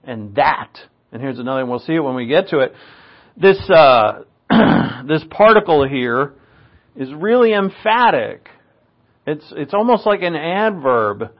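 Guy teaching greek grammar from a bible verse, kinda high voice, emphatic, muffled lo-fi recording. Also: big pitch swings, a little slow. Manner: explanatory, emphatic, restarts phrases. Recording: dull lo-fi recording.

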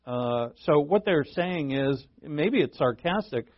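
A man's voice: a little high, animated, slow pace, no echo, lo-fi sound. A male preacher teaching a sermon verse by verse, in a conversational way that thinks aloud and asks rhetorical questions.

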